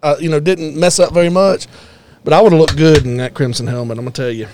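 A man's voice: on the high side, fairly even intonation, fast, darkish tone, slight background noise. A man, co-hosting a casual sports talk show, teasing and wisecracking.

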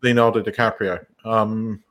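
A man co-hosting a podcast, hesitant and filling pauses with ums in casual film chat. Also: on the low side, level tone, fairly bright tone. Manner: hesitant, full of ums, giggly. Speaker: podcast co-host.

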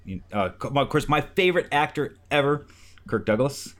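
A man in casual podcast chat, offhandedly reading items off a list with pauses. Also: mid-range voice, animated.

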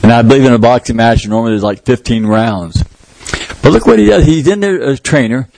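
A male pastor preaching a sermon in church, telling a story with lively, shouted sound effects. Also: mid-range voice, brisk, gravelly, a little hiss or hum, low-quality recording.

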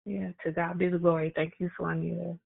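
A woman's voice: on the low side, flat delivery, brisk, gravelly, dry recording. A woman hosting a prayer call, greeting callers and affirming them with repeated praise phrases. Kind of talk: casual phone call greetings. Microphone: phone. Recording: tinny phone line.

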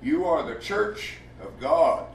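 Slightly high-voiced guy preaching, folksy and emphatic, faint hiss in the background. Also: expressive, slow pace. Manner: folksy, emphatic, with rhetorical questions. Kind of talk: sermon. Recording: echoey room with the mic far off.

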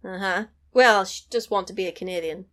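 A woman's voice: medium pitch, fairly quick. A woman in a casual chat, animatedly retelling a film, acting out the characters' lines and laughing often. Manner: animated, acts out characters' lines in varied voices.

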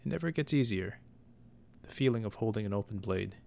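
A man's voice: lowish voice, animated, a little fast, gravelly, a little mellow. A man voicing an anxious, sulky young brother of a knight who whines and hesitates. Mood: fearful. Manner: whiny, hesitant, fearful.

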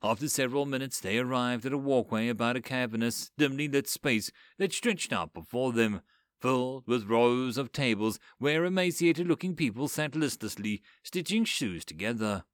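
A man reading a dark fantasy story aloud in an expressive, dramatic way. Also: medium pitch, normal speed, no echo, studio quality. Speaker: narrator. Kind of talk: audiobook story narration.

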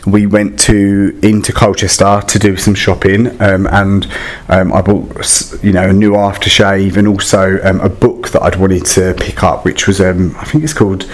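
Chatty man with a low voice. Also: completely flat delivery, moderate pace. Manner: chatty and dramatic, many fillers. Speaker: vlogger telling a story. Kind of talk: casual storytelling. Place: static caravan.

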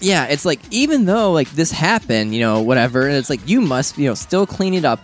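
A man's voice: on the high side, big pitch swings, fairly quick, over music. A man co-hosting a casual podcast, rambling about video games and acting out his own reactions. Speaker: podcast co-host.

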